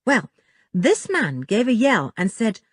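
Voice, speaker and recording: A woman doing a plucky young boy from an audiobook, his voice set well above a grown woman's and swinging lively as he talks. He tells his tale earnestly and a little breathlessly, with a husky edge to the sound. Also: on the high side, takes it slowly, dry recording, studio quality, pitched above the performer's own voice, heavily acted.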